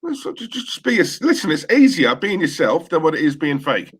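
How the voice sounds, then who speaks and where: East London bloke, bright and punchy, enthusiastic fan-stream co-host. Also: male voice, a little high, sing-song, a little fast, slightly rough. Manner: enthusiastic, repeats phrases for emphasis. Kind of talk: casual chat.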